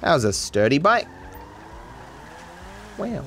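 A man's voice: fairly high pitch, very animated, slow, background noise. An Australian man giving sarcastic, swearing live commentary on a game as a streamer, talking to his chat.

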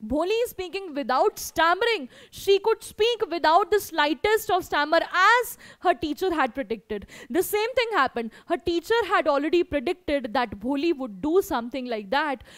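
High-voiced teacher. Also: female voice, expressive, moderate pace, hardly any pauses, fairly bright tone, no echo. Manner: reads a story aloud, then explains it in simple words. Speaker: English teacher. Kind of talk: online class lesson.

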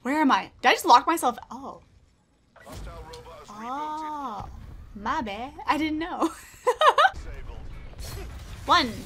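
A young woman giving giggly, excitable commentary while playing a video game. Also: sits high, takes it slowly, pauses often. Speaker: gaming streamer. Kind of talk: live gameplay commentary.

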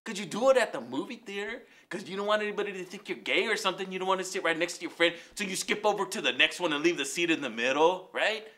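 A man voicing a loud, brash Mexican taco-shop character with a Mexican accent, ranting through a rambling comic monologue. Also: sits high, fast, hardly any pauses. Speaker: comedy character host.

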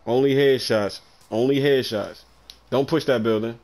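A man's voice: medium pitch, normal speed, a little mellow. Man barking short gaming commands. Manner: bossy, repeats short commands. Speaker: gamer coaching a teammate. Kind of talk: casual gaming chat.

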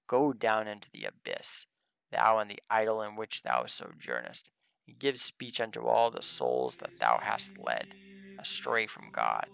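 A man's voice: fairly low pitch, sing-song, measured pace, vocal fry, fairly bright tone, clean tone, no echo, exaggerated voice. A man voicing a fearless male martyr saint, reading his commands in solemn archaic English. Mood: commanding.

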